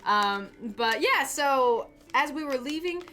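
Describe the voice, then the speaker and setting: A woman's voice: high voice, lively intonation, takes it slowly, bright, forceful tone. A woman hosting a casual livestream from a small home studio, chatting in a rambling way with frequent restarts and laughs. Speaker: livestream host. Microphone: desk camera mic.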